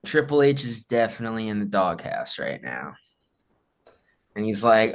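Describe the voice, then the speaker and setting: A man's voice: fairly low pitch, expressive, unhurried, pauses often. A man co-hosting a podcast from a hotel room, laid-back and joking in casual chat. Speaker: podcast co-host.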